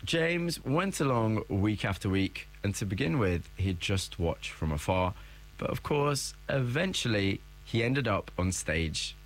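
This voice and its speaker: Low guy narrating a radio-style story, lots of lift in his voice. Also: expressive, a little slow, slight background noise. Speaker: presenter. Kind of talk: scripted narration.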